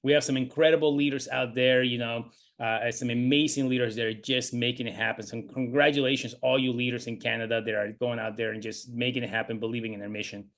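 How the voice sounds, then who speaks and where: A man's voice: mid-range voice, little pitch movement, fast, hardly any pauses, fairly bright tone. A man hosting a video call, upbeat and filler-heavy as he congratulates team leaders. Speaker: host. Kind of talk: hyped-up team call, announcing winners.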